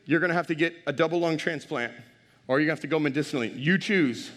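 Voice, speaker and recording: A middle-aged male pastor preaching a lively, humorous sermon in a large church, sometimes rising to a shout. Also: on the high side, quick pace, in a large hall.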